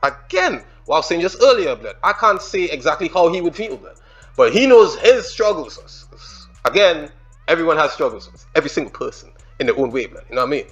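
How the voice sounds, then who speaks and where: High-voiced man reacting to music. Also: fairly quick, highs cut off. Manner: excited, slangy, rambling breakdown of lyrics. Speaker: music reaction channel host. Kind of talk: casual reaction commentary.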